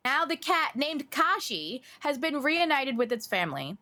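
A woman's voice: sits high, sing-song, unhurried, hardly any pauses, bright, forceful tone, dry recording. A woman co-host reading a news article aloud on a podcast, breaking in with chatty asides.

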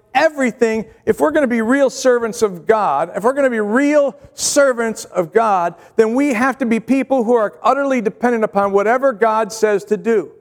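A high-pitched man preaching a midweek sermon, pressing his point with repeated phrases and questions to the congregation. His voice rings with a long hall reverb, as if in a large church sanctuary. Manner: earnest, repetitive, rhetorical questions to the congregation. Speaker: pastor.

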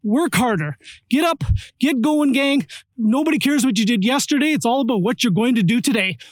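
Energetic high-voiced motivational coach. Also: male voice, a little fast, no echo, clean studio sound. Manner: punchy, energetic pep talk with rallying catchphrases. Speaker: real estate investing coach. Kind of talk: motivational monologue.

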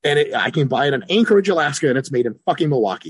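A man guest on a podcast, an exercise scientist talking casually and profanely, animated, swearing freely and acting out characters. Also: fairly high pitch, very fast, husky, no echo.

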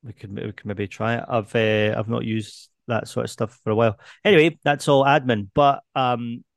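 A man's voice: medium pitch, fairly even intonation, normal speed, vocal fry, no room sound. A male comedian co-hosting a podcast over a video call, easygoing and dry, chuckling along. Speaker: comedian co-host. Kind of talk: casual podcast banter.

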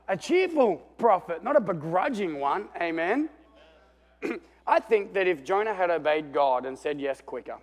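A man preaching a lively sermon in a fairly high voice. He tells the story with animation, swings between booming and hushed, and calls on the room for amens. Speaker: pastor.

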